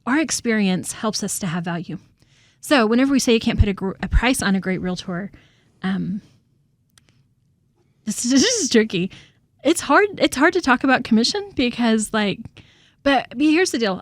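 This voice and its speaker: A woman's voice: a little high, very animated, moderate pace, dry recording, clean studio sound. A woman co-hosting a podcast, chatty, laughing often and repeating words as she starts a thought. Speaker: co-host and real estate agent. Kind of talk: casual podcast chat.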